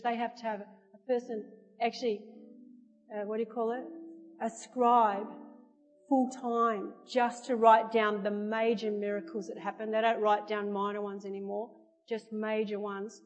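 Woman preacher, lively storytelling sermon, reverberant church hall, faint music. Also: a little high. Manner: lively storytelling that acts out the characters. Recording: echoey hall with soft music.

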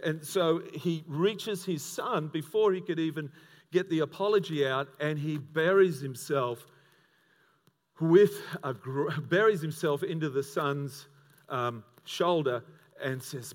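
A man preaching a sermon as pastor, telling a story in an animated way and acting out its characters with sudden loud bursts. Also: fairly high pitch, unhurried, big-room sound. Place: church auditorium.

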